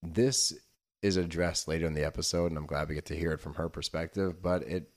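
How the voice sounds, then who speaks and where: A man's voice: deep voice, fairly even intonation, fairly quick. A man co-hosting a podcast, recapping a reality show in casual, sweary chat that turns heated. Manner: heated, sweary, laughs easily. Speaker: podcast co-host.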